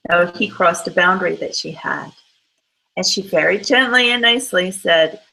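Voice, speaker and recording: A woman's voice: lowish voice, moderate pace, gravelly, bright, forceful tone, rough recording. A woman giving a motivational talk, emphatic and full of rhetorical questions. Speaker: motivational speaker.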